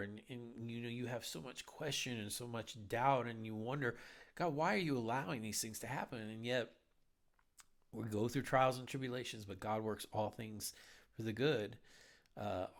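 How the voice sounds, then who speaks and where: A man hosting a Bible podcast, talking in an earnest, heartfelt, urging way. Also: fairly low pitch. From United States. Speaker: podcast host. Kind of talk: earnest Bible teaching talk.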